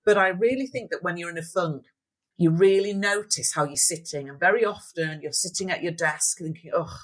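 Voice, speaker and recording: A woman's voice: lowish voice, a little fast. A woman speaking as a podcast guest, upbeat and motivational, explaining her ideas through examples. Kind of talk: interview conversation.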